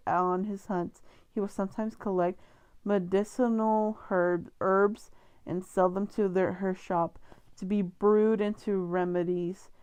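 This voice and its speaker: A woman's voice: medium pitch, a little mellow, clear, resonant tone. A woman reading a novel aloud for her channel, casual and stumbling over words now and then. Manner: joking, slangy asides. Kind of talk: casual read-aloud with chat breaks.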